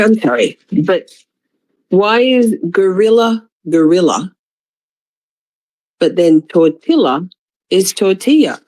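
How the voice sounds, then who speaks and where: Woman, unhurried comic disbelief, voice bouncing up and down, dry recording. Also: mid-range voice, a little mellow, dry recording, low-quality recording. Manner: incredulous, drawn-out emphasis. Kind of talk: comedic rant clip.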